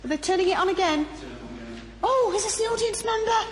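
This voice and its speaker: Female ghost-hunt host, very high voice, coaxing calls, echoey hall. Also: brisk. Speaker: paranormal investigation host. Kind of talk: live ghost-hunt presenting. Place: indoors in an old building at night. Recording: echoey hall with background noise.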